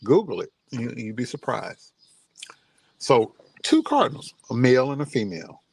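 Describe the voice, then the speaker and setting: A man's voice: lowish voice, creaky, husky. A middle-aged man, a vlogger, telling a personal story in a casual, heartfelt and grieving way, then offering encouragement, speaking outdoors near his home.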